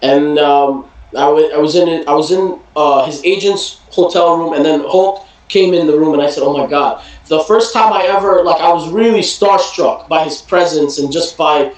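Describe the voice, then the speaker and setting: A man with a somewhat high voice tells stories in a casual interview. He rambles, restarting sentences and leaning on fillers as he goes. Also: moderate pace, hardly any pauses, poor audio. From New Jersey. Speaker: guest, wrestling promotion owner.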